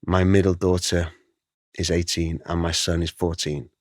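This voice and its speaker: A middle-aged man with a very low voice tells his story in an interview. He is animated and emotional, and he slips into the voices of the people he quotes. The room sounds dry and close. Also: moderate pace, no echo. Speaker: guest artist.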